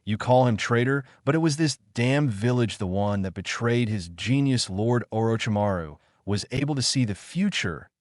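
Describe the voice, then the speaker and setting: A man's voice: medium pitch, expressive, moderate pace, few pauses, dry recording, studio quality, close to an everyday voice. A man voicing an arrogant, treacherous male ninja instructor who sneers and gloats, read as a fan story. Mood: gloating.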